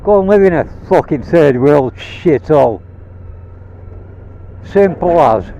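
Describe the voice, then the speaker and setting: A man from Rhodesia, now Zimbabwe, vlogs while riding a motorbike outdoors, ranting angrily and bluntly with plenty of swearing into a helmet mic. His voice is fairly high, animated and mellow, and he takes his time. The sound is lo-fi.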